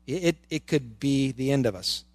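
A man's voice: mid-range voice, moderate pace, gravelly, no room sound. A male pastor preaching a sermon in church, firing rhetorical questions and repeating words for emphasis.

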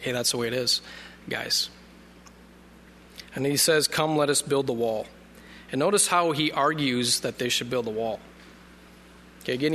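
Bright-voiced man preaching in an echoing hall. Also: mid-range voice, a little hiss or hum. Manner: conversational, reads scripture aloud, jokes at stumbling over names. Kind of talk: sermon. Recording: long reverb of a hall.

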